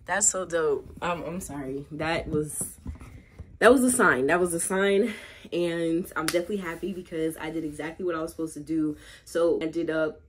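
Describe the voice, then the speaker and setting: A woman's voice: low-pitched, level tone, moderate pace, a little hiss or hum. Chatty woman vlogging to her viewers. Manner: chatty, talks straight to viewers. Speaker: small business owner. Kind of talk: casual vlog narration. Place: outdoors at a park and in a car.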